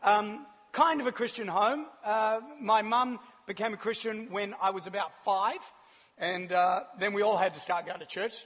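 A man from New Zealand with a New Zealand accent giving a sermon with a personal testimony, an animated storyteller who laughs often. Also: high voice, moderate pace, husky. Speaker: church speaker. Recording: long hall reverb.

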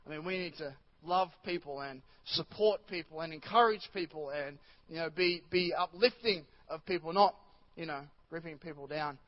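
High-voiced, rambling preacher man. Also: normal speed, dull audio. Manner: chatty, rambling, with many restarts and asides to the congregation. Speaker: pastor. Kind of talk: sermon. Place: church.

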